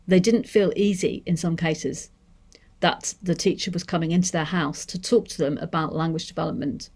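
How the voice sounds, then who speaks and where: A woman with a Manchester accent giving a seminar talk on deaf education, measured and thoughtful, pausing to rephrase. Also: deep voice, fairly even intonation, a little mellow. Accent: English, Manchester. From Manchester, England. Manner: measured, thoughtful, with restarts and hedges.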